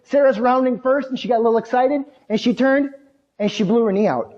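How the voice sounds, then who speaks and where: A man's voice: very high-pitched, fairly quick, muffled recording. A middle-aged man giving a motivational keynote speech, telling sports stories with energy and addressing the audience directly. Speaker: keynote speaker. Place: large hall before a live audience. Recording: hall reverb.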